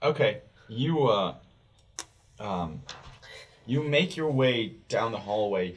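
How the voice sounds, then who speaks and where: A man's voice: lowish voice, expressive, slow pace, a little hiss or hum. Distant man running a tabletop game. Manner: loose, filler-heavy narration, jumps into loud shouted character lines. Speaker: game master.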